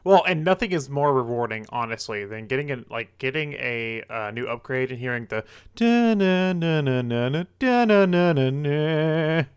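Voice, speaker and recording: A man co-hosting a gaming podcast, talking enthusiastically in halting bursts full of "like". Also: mid-range voice, smooth. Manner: enthusiastic, halting, heavy use of "like". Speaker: podcast co-host. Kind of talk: casual gaming podcast chat.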